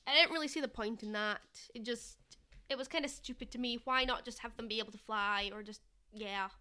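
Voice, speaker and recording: A woman's voice: a little high, a little fast, sharp tone, smooth. A young woman co-hosting a podcast, chatting casually with wry, sarcastic quips. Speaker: podcast co-host. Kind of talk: casual chat.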